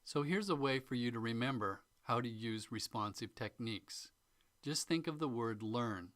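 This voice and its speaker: A man's voice: mid-range voice, expressive, normal speed, fairly bright tone, dry recording. A man teaching customer-service listening skills, going through numbered tips and acting out short examples. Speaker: instructor.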